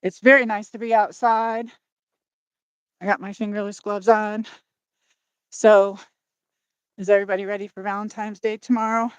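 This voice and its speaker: A woman walking outdoors at dusk and chatting to her livestream viewers, slightly out of breath. She rambles and apologizes as she goes, with a mid-pitched voice. The sound is dry and close, picked up by a phone on a gimbal. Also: level tone, normal speed, long pauses, clean tone, no echo. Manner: rambling, apologetic, talks to chat. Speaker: livestream host. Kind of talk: casual livestream chat while walking.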